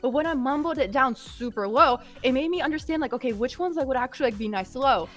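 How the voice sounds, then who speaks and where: Woman, guest actor, high voice, halting and searching for words, faint music behind. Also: animated, a bit bright. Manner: hesitant, searching for words, many fillers. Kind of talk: casual chat.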